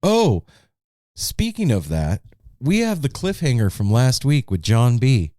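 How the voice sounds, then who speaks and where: A man's voice: medium pitch, big pitch swings, a little slow, dark tone, no room sound, studio quality. A man hosting a casual chat podcast, laid-back, with loose sign-offs. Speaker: podcast host.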